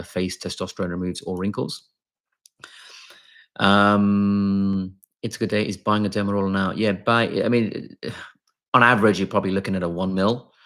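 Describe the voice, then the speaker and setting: A man with a low voice and a gravelly fry hosts a relaxed live question-and-answer stream as a doctor. He reads viewer questions aloud and answers off the cuff, often restarting his sentences and filling pauses with ums. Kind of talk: casual live Q&A.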